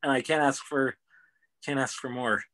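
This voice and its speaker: A man's voice: medium pitch, fairly even intonation, normal speed, a bit bright. A man in his twenties, a guest on a chat show, talking eagerly about his work in a casual, rambling way. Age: 20s. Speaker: podcast guest.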